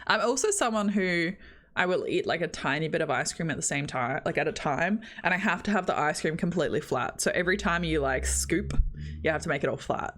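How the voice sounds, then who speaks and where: A woman's voice: low-pitched, expressive, brisk, fairly bright tone. A young Australian woman streaming, chatting casually with her viewers in a self-deprecating way and laughing often.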